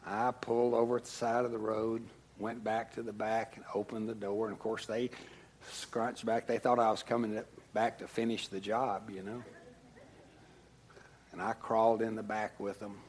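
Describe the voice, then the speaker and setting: A middle-aged pastor preaching a sermon, telling a family story and dropping from hushed asides to loud outbursts. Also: male voice, lowish voice, flat delivery, normal speed, slight background noise.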